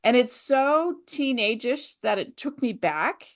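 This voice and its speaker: A woman's voice: fairly high pitch, expressive, slow pace. A woman co-hosting a podcast, chatting enthusiastically with lots of fillers. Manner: chatty, enthusiastic, many "you know" and "like" fillers. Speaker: podcast co-host. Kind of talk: casual chat.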